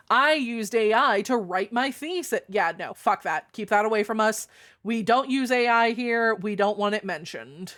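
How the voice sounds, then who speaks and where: A woman streamer chatting casually and reading her chat aloud, frank and playful, swearing freely and jumping up in pitch now and then. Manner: chatty with sudden jumps in pitch and loudness.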